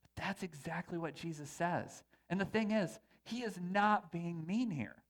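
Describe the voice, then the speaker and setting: A male pastor delivers a sermon in a church sanctuary, talking to the congregation in a loose, conversational way. His voice sits a little higher than most men's. He moves between earnest points and playful, joking asides. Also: measured pace.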